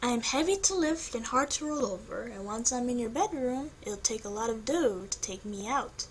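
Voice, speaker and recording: A woman's voice: fairly high pitch, lively intonation, moderate pace, slight background noise, lightly acted, poor audio. A woman reading the part of a mother who puts on a surprisingly sultry, teasing voice for a riddle game. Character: mother using a surprisingly sexy voice.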